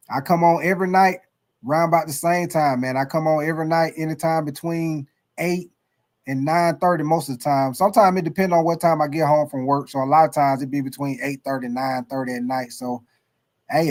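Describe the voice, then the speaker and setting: Male sports-stream host with a fairly high voice. Loose, excitable casual chat that keeps calling out to the audience. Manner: loose and excitable, calling out chatters, tags lines with "man" and "baby".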